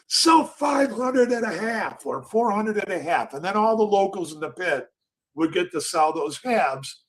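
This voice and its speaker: An older man talks in a loose, rambling way, telling stories as the host of a trading show. His voice sits a little high for a man, and he slips into the voices of brokers and clerks as he goes. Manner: rambling, acts out pit quotes. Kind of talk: casual storytelling.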